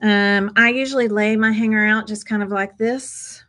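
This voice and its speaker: A woman walks her viewers through a craft project at her table, chatty and upbeat, calling them "you guys." Her voice sits at a middling pitch, casual and friendly in tone. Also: fairly even intonation, normal speed, fairly bright tone, rough recording. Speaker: craft tutorial host.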